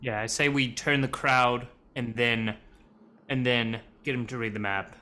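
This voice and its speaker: A goofy man playing a tabletop game, tossing off jokes in casual chat. His voice is bright and at a middle pitch. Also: steady tone, measured pace. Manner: goofy, jokey. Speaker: player.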